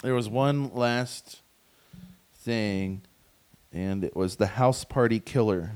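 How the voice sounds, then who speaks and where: A man's voice: fairly low pitch, slow, darkish tone, clear, resonant tone. A man co-hosting a podcast in casual chat, throwing in dry, sarcastic quips. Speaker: podcast co-host.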